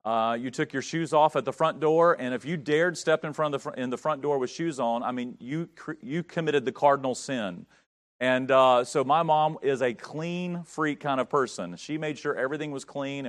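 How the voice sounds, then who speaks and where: A man's voice: mid-range voice, normal speed. A middle-aged male pastor from North Carolina preaching a sermon, telling stories and building to emphatic swells.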